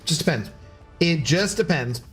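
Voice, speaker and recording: A man chats with his stream audience in a loose, joking way, tossing off sarcastic asides and the odd swear. His voice sits a little high for a man. Soft music plays quietly behind him. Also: expressive, unhurried. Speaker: gaming streamer reading chat. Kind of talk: casual live-stream chat.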